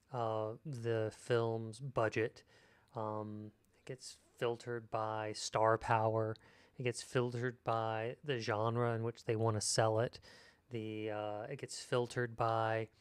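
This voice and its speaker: Slow, unhurried man on a writing stream. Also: on the low side, smooth. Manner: thoughtful, reads out and answers chat. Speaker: screenwriter streaming his writing. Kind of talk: casual livestream chat while writing.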